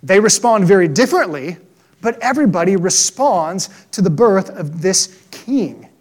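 A man preaching a sermon, earnest and conversational, often tagging "right?" onto his points and slowing to a hushed tone on solemn lines. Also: high-pitched, lively intonation. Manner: drops to a hushed, slow delivery on solemn points. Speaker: pastor.

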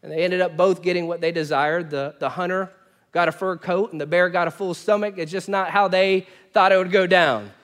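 A male pastor preaching a sermon, with animated storytelling that swings between loud bursts and quiet asides. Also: sits high, fairly quick.

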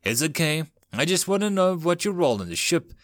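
A steady captain who gives orders calmly and firmly, as a male narrator plays him. The delivery moves a lot in pitch and sounds dry and close. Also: brisk, no room sound. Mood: commanding. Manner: calm, authoritative. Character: calm, commanding male starship captain.

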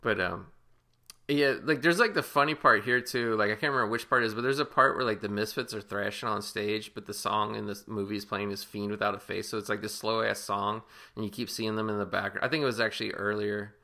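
A man's voice: on the low side, steady tone, fairly quick, gravelly, sharp tone. A man co-hosting a casual movie commentary podcast, rambling and swearing loosely with lots of fillers. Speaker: podcast co-host.

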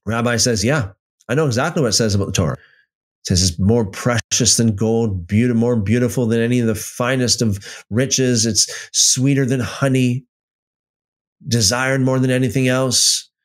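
A man with a mid-range voice and moderate pace hosts a casual teaching livestream. He tells a story loosely, restarting often, then reads out viewer comments from the live chat and answers them.

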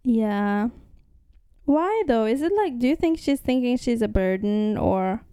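A woman co-hosting a casual podcast, chatting in a lively way about a comic's story. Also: fairly high pitch, measured pace, smooth, dry recording, clean studio sound. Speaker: podcast co-host.

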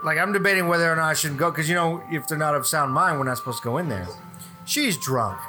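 A man's voice: on the high side, quick pace, music in the background. A man who works as a gas service technician, telling profane stories about his job in casual chat and acting out the people he quotes.

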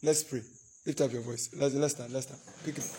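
A pastor delivers a sermon at a marriage seminar, animatedly acting out arguments between couples and leading the congregation in prayer, praying in tongues. His voice is medium in pitch and his delivery brisk.

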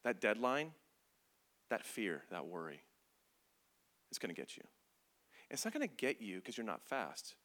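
Male pastor, sermon delivery; bright, lively, comedic storyteller who slips into mini-scenes. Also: on the low side, measured pace, long pauses. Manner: animated, comedic, acts out scenes with voices.

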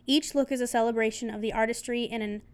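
A young woman with a smooth, clear voice that sits a little high, chatting as a co-host. She reads prepared notes aloud and breaks off into giggly asides. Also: steady tone, quick pace, darkish tone. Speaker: podcast co-host. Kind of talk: casual chat, reading notes aloud.

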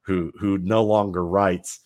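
Low-voiced rambling man on a podcast. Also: level tone, takes it slowly, a little mellow. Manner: talkative, rambling, many restarts. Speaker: podcast guest. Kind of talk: casual podcast conversation.

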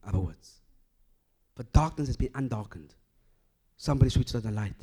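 This man's sermon moves from forceful outbursts to quiet, low-voiced lines, with phrases repeated as his argument builds. He is animated and husky, speaking at a normal speed.

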